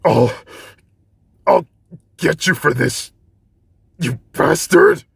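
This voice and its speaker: A man voicing an explosive, hot-tempered teenage boy hero who shouts and snarls insults, in a fan-made storybook narration. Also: on the high side, unhurried, gravelly, husky, no echo, pitched above the performer's own voice, exaggerated voice. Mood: enraged.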